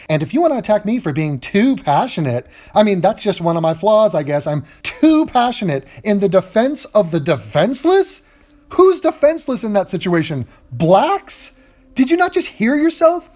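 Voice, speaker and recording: A man giving a sarcastic, profane reaction commentary, recorded on a phone while in bed at home. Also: high-pitched. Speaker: online commentator.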